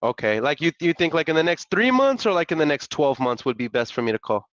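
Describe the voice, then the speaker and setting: A young adult man hosting a live stream, talking in a slangy, excitable way and laughing often. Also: on the high side, fast talker, no echo. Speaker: live-stream host making real estate calls. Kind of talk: casual live-stream chat. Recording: dull lo-fi dry sound.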